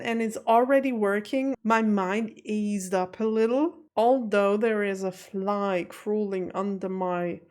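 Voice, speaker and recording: A woman reacting to a TV episode from her home office at night, rambling through question after question with nervous laughs; English is not her first language. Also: mid-range voice. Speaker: reaction video host. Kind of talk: casual chat to camera.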